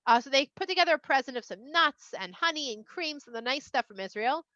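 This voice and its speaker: A woman telling a Bible story for kids in a chatty, expressive way. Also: high-pitched, quick pace, no echo, highs cut off. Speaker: children's Torah storyteller.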